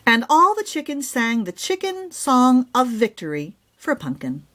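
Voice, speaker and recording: A woman author reading her own children's story aloud. Her delivery is unhurried and very expressive, with a lively, swooping melody, and her voice sits a bit high.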